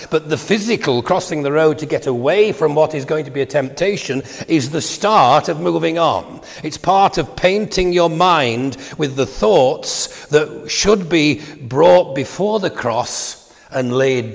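A man's voice: on the high side, vocal fry, in a large hall. An older man preaching a sermon in a church, in a conversational way with asides.

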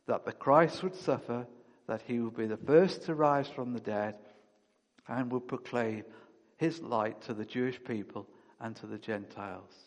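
Preaching man in a reverberant hall. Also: mid-range voice. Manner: reads scripture aloud, then preaches with rising emphasis. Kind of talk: sermon.

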